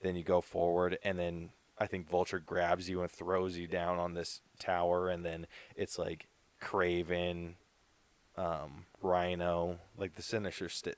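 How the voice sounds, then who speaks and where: Low-voiced young guy, rambling. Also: monotone, a little slow, dry recording. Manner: rambling, lots of "like" fillers. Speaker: podcast co-host. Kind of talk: casual chat.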